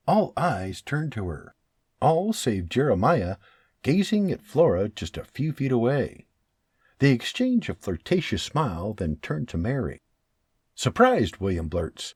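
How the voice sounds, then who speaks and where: A man narrates an audiobook in a steady storytelling manner. His voice is husky and his pitch roams widely. It sits dry and close, with no room sound. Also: a little slow, dry recording. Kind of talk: scripted narration.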